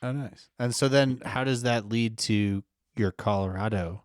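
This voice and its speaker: A man's voice: on the low side, unhurried, clear, resonant tone, dry recording, studio quality. A man hosting a podcast interview, chiming in with short remarks and follow-up questions. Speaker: podcast host.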